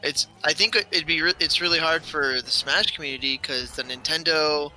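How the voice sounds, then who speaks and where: Bright-voiced opinionated man co-hosting. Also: on the high side, fairly quick, low-quality recording. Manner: opinionated, filler-heavy, firm. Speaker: co-host. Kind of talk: casual stream chat. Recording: faint game music behind.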